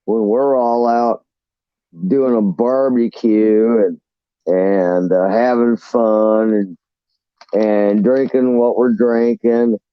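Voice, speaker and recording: A man's voice: medium pitch, smooth, dry recording, lo-fi sound. A man casually telling rambling, profane stories about his navy days on a live chat.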